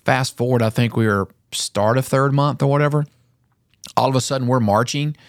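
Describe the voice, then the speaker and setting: A middle-aged man co-hosting a casual talk show, telling stories with animated energy and acting out voices. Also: mid-range voice, normal speed, no room sound, clean studio sound. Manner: animated storyteller, acts out drill instructors. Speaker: podcast co-host. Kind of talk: casual chat.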